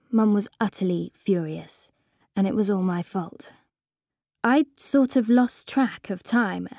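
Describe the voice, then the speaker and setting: A woman reading a storybook aloud as an expressive first-person narrator. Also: mid-range voice, no echo, clean studio sound. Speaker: audiobook reader.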